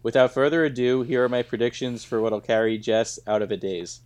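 A man's voice: mid-range voice, fairly even intonation, a little fast, a little mellow, clear, resonant tone. A man co-hosting a casual comedy podcast, trading puns and reading mock ads with a jokey delivery. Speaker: podcast co-host.

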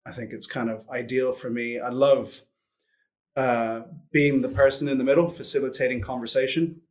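A man in his forties chats as a guest on a business podcast, relaxed and a little hesitant. He keeps restarting his sentences and leans on fillers. His voice sits at an ordinary middle pitch. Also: normal speed. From Switzerland and US upbringing. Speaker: guest, sales executive. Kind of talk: casual interview chat.

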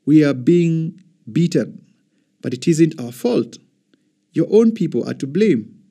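A man's voice: big pitch swings, slow, mellow, breathy edge, exaggerated voice. A man reading the words of desperate slave foremen begging a king for mercy. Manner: begging, raised pitch.

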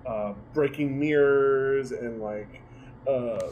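A man's voice: medium pitch, slow, a little mellow, highs cut off, a little hiss or hum. Rambling, laughing man podcast co-host. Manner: rambling, filler-heavy, swears freely, laughs often. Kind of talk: casual chat recapping a sitcom.

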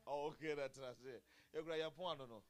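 A male pastor preaching a sermon at a church service, chuckling often and swinging from quiet murmurs to loud exclamations. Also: medium pitch, a little fast.

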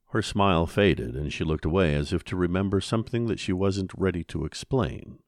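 A man reading an audiobook in a slow, measured storytelling voice. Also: deep voice, darkish tone, no room sound, clean studio sound. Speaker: narrator. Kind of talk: audiobook narration.

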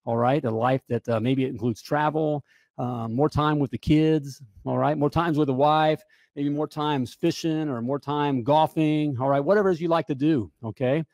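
A man coaching plumbers in a casual, joking sales pitch, often checking in with "all right?". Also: fairly even intonation, normal speed, gravelly, a little mellow, dry recording, clean studio sound. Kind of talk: casual promotional pitch to camera.

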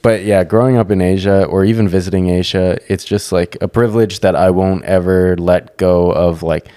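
Very low-voiced man, swearing casually. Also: steady tone, moderate pace, mellow. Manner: swearing, rambling, lots of "like". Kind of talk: casual podcast chat.

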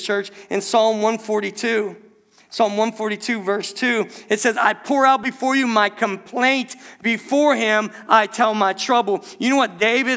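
Pastor guy preaching, high bright voice, earnest and fired up. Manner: earnest, impassioned, addresses the congregation as "church". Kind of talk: sermon.

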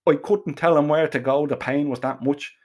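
An Irish man spins a comic first-person yarn, cursing freely and piling on slang. His voice sits a little high for a man. He rambles along like a storyteller at a bar. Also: steady tone, moderate pace. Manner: foul-mouthed, rambling, colourful slang.

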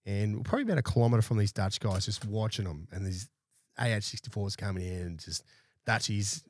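Australian man, thirties, profane blunt storyteller, deep-ish tone, dry room. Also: animated, a little fast, a little mellow, no room sound. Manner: blunt and heavily profane, laid-back anecdotes. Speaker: podcast guest, army veteran. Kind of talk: casual storytelling interview. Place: small studio.

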